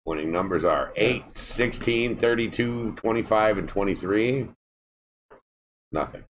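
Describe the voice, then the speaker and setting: A man's voice: fairly low pitch, unhurried. A man with a Michigan accent co-hosting a casual lottery scratch-off stream, cheering the tickets on. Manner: upbeat, egging on the tickets. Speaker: lottery scratch-off channel host. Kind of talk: casual live scratch-off chat. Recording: light background noise.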